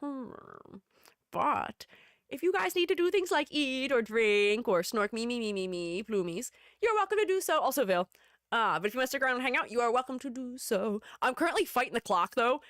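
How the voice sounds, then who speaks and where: A woman's voice: high voice, sing-song, a little fast, a bit bright, no echo, clean studio sound. A woman streamer chatting casually and rambling with her audience, giggling often. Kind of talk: casual live-stream chat.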